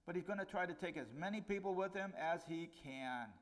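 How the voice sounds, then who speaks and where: Higher-voiced man preaching a sermon. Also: fairly quick. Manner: conversational preaching, voice rising on punchlines and falling low on warnings. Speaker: pastor.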